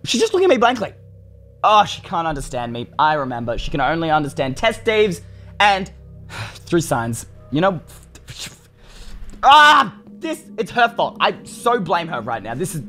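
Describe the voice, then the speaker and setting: A young man commentating a game for his channel, excitable and ranting at what happens on screen. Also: sits high, a little slow, long pauses, faint music behind. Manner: excitable, shouts and rants at the game. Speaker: gaming YouTuber. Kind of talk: Minecraft let's play commentary.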